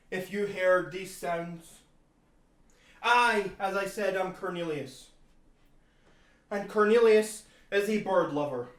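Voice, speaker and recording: Slow, solemn, deadpan man in an echoey room. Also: high-pitched. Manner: slow, solemn, formal, with outbursts into bird cries. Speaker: solo improv performer, as the bird lover. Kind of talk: improvised deadpan one-man play. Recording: roomy, from a distance.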